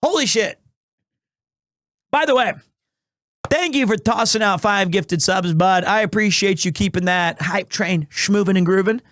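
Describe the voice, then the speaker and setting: A man in his thirties streaming live, chatting casually in a rambling, animated way with restarts, recovering from asthma and clearing his throat. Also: high voice, a little slow, long pauses, no echo, clean studio sound. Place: small home room.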